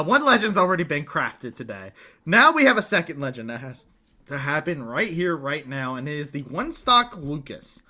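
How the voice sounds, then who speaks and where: An esports commentator doing excitable, jokey play-by-play for a fighting game match. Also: mid-range voice.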